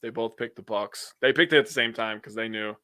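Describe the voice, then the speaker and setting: A young man from Wisconsin with a Wisconsin accent, co-hosting a casual sports podcast, blunt and quick to swear. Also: fairly low pitch, pushed and bright, smooth, no echo, studio quality.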